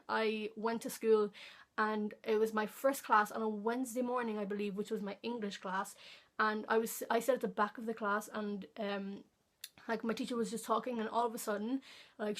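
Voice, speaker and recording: A teenage girl, rambling through a casual storytime vlog with many fillers and restarts. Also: on the high side. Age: teens. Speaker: vlogger.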